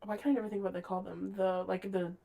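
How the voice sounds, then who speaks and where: Animated woman chatting about a book. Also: mid-range voice, fast, vocal fry. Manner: animated, acts out characters' lines mid-story. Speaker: podcast co-host. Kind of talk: casual book chat.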